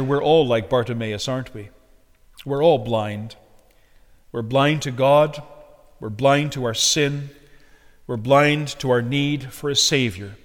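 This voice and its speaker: A male preacher delivering a sermon earnestly, swinging between loud emphasis and soft direct address. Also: mid-range voice. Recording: echoey hall with long reverb.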